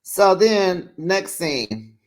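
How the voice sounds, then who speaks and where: A chatty recap host sits down with viewers to talk over a reality TV episode. The voice sits at a middling pitch but swings up playfully when reacting, and every opinion comes out frank and friendly. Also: sing-song, extremely slow. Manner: talks straight to viewers as "besties".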